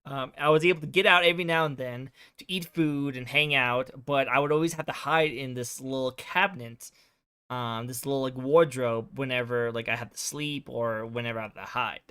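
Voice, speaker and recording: A man's voice: mid-range voice, a little fast, bright, forceful tone, clean tone, no echo, studio quality. A male streamer casually recapping a game's story, rambling with lots of fillers. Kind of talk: casual game recap chat.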